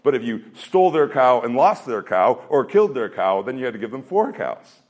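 A man's voice: mid-range voice, sing-song, brisk, darkish tone. A man preaching a sermon in an earnest voice, asking rhetorical questions and shifting his pace. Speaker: pastor.

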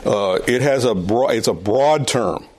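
A man's voice: mid-range voice, measured pace, darkish tone. Man teaching an adult Bible class. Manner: conversational, repeats and restarts phrases, stresses points. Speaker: adult Sunday school teacher.

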